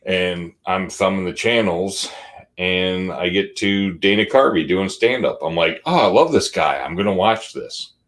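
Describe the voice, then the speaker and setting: A man in his forties, co-hosting a podcast, telling an animated, laughing personal story in casual chat. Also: low-pitched, unhurried. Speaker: podcast co-host.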